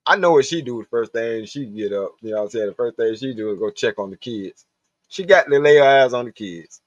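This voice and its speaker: A man's voice: mid-range voice, animated, fairly quick, dry recording. A man hosting a live stream, rambling casually and profanely while he talks to his chat. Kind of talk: casual livestream monologue. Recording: dull, dry lo-fi stream audio.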